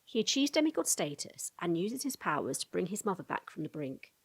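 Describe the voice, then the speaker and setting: Husky, gravelly woman narrating lore. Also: on the low side, sing-song. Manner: brisk storytelling with casual asides to viewers. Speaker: lore video creator.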